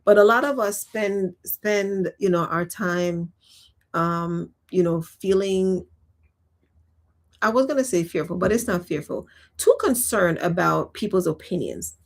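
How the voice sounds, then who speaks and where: Talking to camera between bites and sips, this woman in her thirties has a fairly low, unhurried voice. The vlogger keeps it casual and reflective, laughing a lot and filling her speech with fillers.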